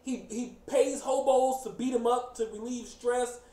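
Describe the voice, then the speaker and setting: Man, host, casual chat, high voice, joking and laughing, echoey room, faint noise. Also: a little slow. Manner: animated, joking, laughing often.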